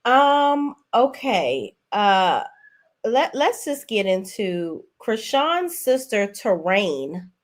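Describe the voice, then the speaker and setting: A woman's voice: mid-range voice, big pitch swings, drawn-out words. A woman hosting a casual gossip commentary show, talking in a sassy, blunt, exclaiming way. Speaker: host.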